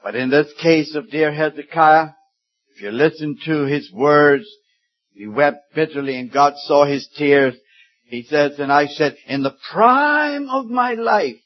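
Slow, emphatic preacher in his seventies. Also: a little high, fairly even intonation. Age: 70s. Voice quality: slow, deliberate delivery with sudden loud emphatic rises. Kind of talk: sermon. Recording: dull lo-fi sermon recording.

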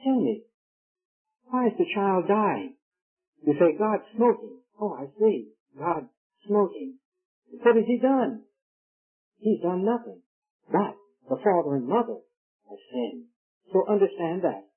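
Preacher man, husky, tinny old tape. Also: high-pitched, very animated, unhurried, pauses often. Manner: emphatic, rising on key words. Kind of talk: sermon. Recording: tinny, phone-like old recording.

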